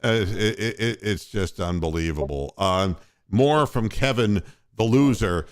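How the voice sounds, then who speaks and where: A man's voice: lowish voice, a little slow. A man hosting a postgame sports radio show, ranting angrily with lots of profanity. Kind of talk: postgame sports talk rant.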